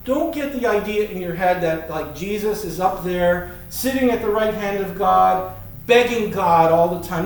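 A man's voice: high-pitched, normal speed, a little hiss or hum. A man teaching a Bible sermon in a conversational, emphatic manner. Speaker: preacher. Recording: very echoey room, mic far off.

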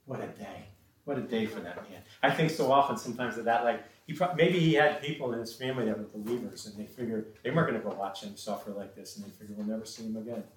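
A man's voice: on the low side, fast talker. A man preaching a sermon, emphatic and repetitive, often restarting his sentences with fillers. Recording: roomy echo, distant mic, faint noise.

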